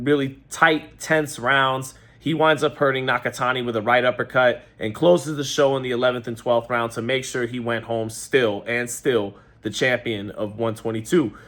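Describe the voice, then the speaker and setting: A New man reacts to a boxing match in a loose, conversational way. He rambles, corrects himself mid-sentence and leans on fillers. His voice sits at a medium pitch. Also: fairly even intonation, moderate pace, few pauses, a bit bright. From New York. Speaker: boxing commentator. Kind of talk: casual fight-reaction commentary.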